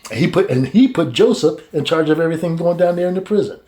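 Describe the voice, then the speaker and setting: A man teaching a casual Bible study in a colloquial, halting way, with many restarts and chuckles between points. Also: on the high side, lively intonation, mellow.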